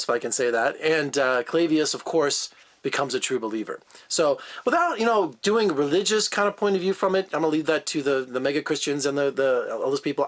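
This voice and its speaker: A man's voice: fairly high pitch, fairly bright tone. A man giving a casual movie review as a film critic, chatty and digressive, with frequent fillers.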